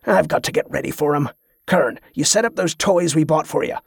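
A man's voice: on the high side, expressive, moderate pace, vocal fry, husky, dry recording, studio quality, full character voice. A man voicing a cruel, short-tempered male captor who snarls and mocks, in an audiobook. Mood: sarcastic. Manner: snarling, sarcastic.

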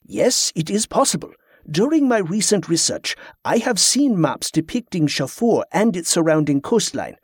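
A man voicing a formal, scholarly male pirate captain who speaks in a firm, measured way. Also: high voice, very animated, slightly rough, dry recording, studio quality, exaggerated voice.

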